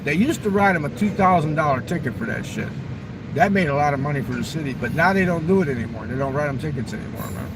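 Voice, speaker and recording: Casting: foul-mouthed rambling man, slightly high-pitched, casual monologue outdoors with faint traffic behind. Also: expressive, quick pace. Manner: profane, rambling storyteller. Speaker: vlogger.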